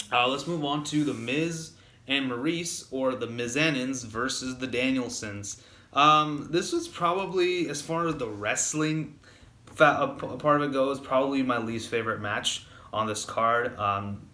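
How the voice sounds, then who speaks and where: A man's voice: mid-range voice, sharp tone, roomy sound. A man giving a casual spoken wrestling review, rambling with lots of fillers and restarts, getting heated when annoyed.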